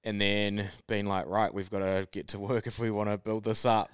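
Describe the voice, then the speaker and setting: Smooth, low-voiced man explaining on a podcast. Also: moderate pace, dry recording, studio quality. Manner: steady, explaining with examples. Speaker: podcast co-host. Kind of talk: casual podcast chat.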